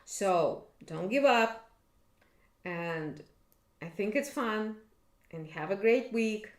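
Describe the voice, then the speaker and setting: A woman teaching an online language lesson, slowly and patiently reading words aloud for learners. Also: mid-range voice, animated, echoey room.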